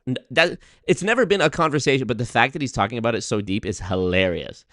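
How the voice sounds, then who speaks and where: A man doing casual, joking live-stream commentary, profane and swinging between loud rants and muttered asides. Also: mid-range voice, fast talker, dry recording, studio quality. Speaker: streamer reacting to clips.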